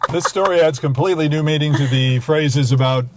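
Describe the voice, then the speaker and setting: A man's voice: on the high side, brisk. A man hosting a talk show, asking curious follow-up questions. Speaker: host. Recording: background noise.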